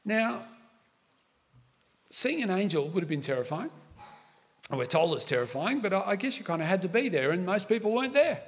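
A middle-aged man preaching a sermon in a relaxed, chatty way, with asides and questions to his listeners. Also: high voice, a little fast, long pauses. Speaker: pastor. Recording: long hall reverb.

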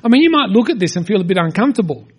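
A middle-aged man delivers a sermon in a high-pitched voice. He speaks earnestly and conversationally, leaning on rhetorical questions to draw his congregation in. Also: sing-song, very fast, slightly rough. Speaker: pastor.

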